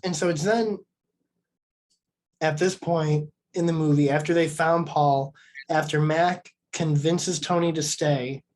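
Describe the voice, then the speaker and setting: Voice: medium pitch, steady tone, measured pace, a little mellow. A podcast co-host talking through a horror film casually, with many "like"s and restarts. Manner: filler-heavy, meandering speech.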